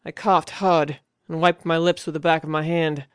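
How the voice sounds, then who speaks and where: Guy narrating a fantasy audiobook, high smooth voice, tense and vivid, dry close mic. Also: level tone, moderate pace, dry recording.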